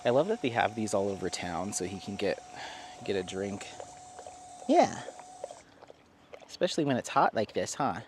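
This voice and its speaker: A man's voice: fairly low pitch, very animated, normal speed, long pauses, slight background noise. Chatty man vlogging outdoors in town. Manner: rambling, chatty, frequent fillers and laughs. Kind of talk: casual walking vlog.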